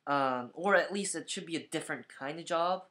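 A man's voice: a little high, brisk, sharp tone. A man talking to camera in a reflective vlog, thinking aloud with frequent restarts and fillers. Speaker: vlogger.

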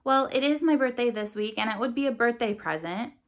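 A woman's voice: on the high side, lively intonation, brisk, pitched above the performer's own voice. A woman voicing a curious, earnest eleven-year-old crow girl who asks a lot of questions. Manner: eager, questioning.

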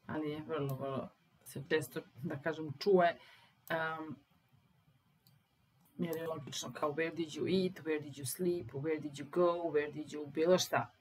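Woman teaching grammar, slightly low voice. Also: a little mellow, a little hiss or hum, low-quality recording. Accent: Serbian. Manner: patient, stresses example sentences slowly. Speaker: English teacher. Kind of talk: explaining English grammar in Serbian.

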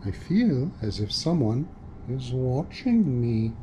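A man's voice: medium pitch, sing-song, slow, mellow, a little hiss or hum. A man voicing a genteel, unflappable cartoon panther who stays cheerful and polite. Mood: calm.

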